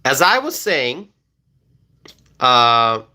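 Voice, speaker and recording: Bright-voiced man chatting to live viewers. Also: mid-range voice, sing-song, very slow. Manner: chatty, rambling, often tagging "okay?" to sentences. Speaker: political commentator streaming live. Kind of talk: casual live-stream chat reading viewer comments.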